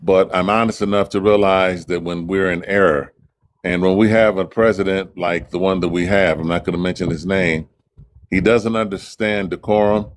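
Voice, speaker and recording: Calm, measured man in his 60s with a very low, radio-DJ voice; faint background noise. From Chicago. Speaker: caller. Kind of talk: calm live-stream debate.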